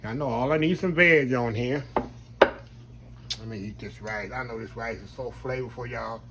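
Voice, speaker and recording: A man's voice: medium pitch, a little slow, very noisy. A man hosting a casual home cooking demonstration in his kitchen, talking folksily to viewers as "y'all" and savoring the food aloud. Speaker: cooking channel host.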